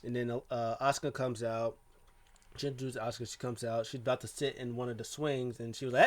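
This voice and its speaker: A man's voice: medium pitch, little pitch movement, fast talker. Rambling man recapping wrestling. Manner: rambling, heavy with fillers and restarts. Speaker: wrestling show reviewer. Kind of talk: casual recap talk.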